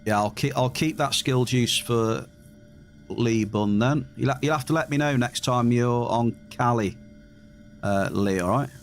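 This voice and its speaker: A man's voice: medium pitch, a little slow, faint music behind. A man chatting casually with his live-stream viewers as he plays a game, teasing them with dry humor. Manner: dry teasing, banters with chat.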